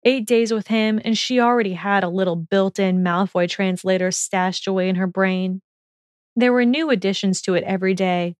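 A woman narrates a fan fiction audiobook in a steady, measured way. Her voice sits in the middle range. The recording is dry and close to the mic. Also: medium pitch, no echo.

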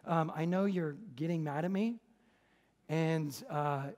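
A man preaching as a pastor, telling a story in a lively, conversational, jokey way. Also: a little high, slow pace, highs cut off. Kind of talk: sermon with storytelling. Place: church service.

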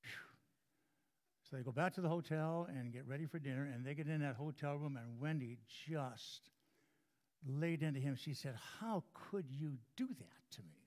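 A man's voice: fairly high pitch, moderate pace, long pauses, darkish tone. A man preaching as a guest speaker to a congregation, telling a joke story in a folksy way and often repeating his words. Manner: folksy storyteller, repeats and restarts words, chuckles at own jokes. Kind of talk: sermon with a humorous story. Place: church before a congregation.

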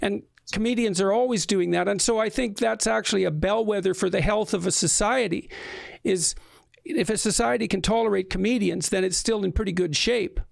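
Male host, high gravelly voice, stops and restarts a lot, dry sound. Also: no room sound. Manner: halting, repeats words while thinking. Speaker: podcast host. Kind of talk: interview conversation.

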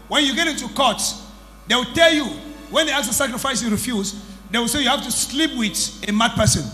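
A man's voice: very high voice, sharp tone. A man preaching as prophet in a church service, emphatic and exclaiming, questioning his congregation. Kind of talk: sermon with deliverance testimony. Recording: echoey hall, music underneath.

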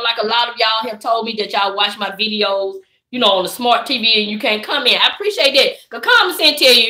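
In an echoey room, a woman vlogger runs a casual live stream chat. Her voice is a little high, pushed and bright, and her manner is relaxed but preachy as she calls viewers "y'all" and "baby."

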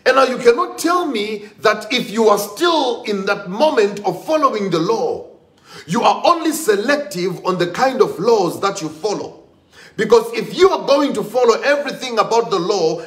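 A man's voice: sits high, sing-song, moderate pace, reverberant. A man preaching a sermon with emphatic, repetitive delivery and rising exclamations.

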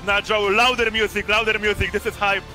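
A man casting an esports match with loud hype calls, his voice hoarse and worn from screaming. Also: high-pitched, level tone, brisk, over music. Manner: shouts big hype calls, then drops to tired casual talk. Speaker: esports caster and streamer. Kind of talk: hyped esports draft and game commentary.

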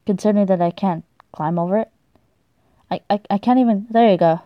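A young woman commentating on her game play, excitable and swearing a lot, shrieking when startled. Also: mid-range voice, a little fast, no room sound, lo-fi sound. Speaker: gaming YouTuber.

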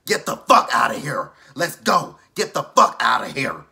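A man voicing a furious bride-to-be who shouts and curses. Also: medium pitch, wildly swooping pitch, normal speed, creaky, exaggerated voice. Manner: shouting, profane. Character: furious bride-to-be woman, loud and cursing.

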